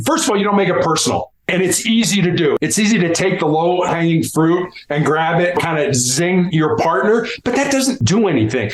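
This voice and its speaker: A man with a slightly raised pitch explains negotiation technique in a lively, animated way and slips into the voices of the people he quotes. His voice carries a roomy echo. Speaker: guest, former hostage negotiator. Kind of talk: explanatory interview talk with role-play examples.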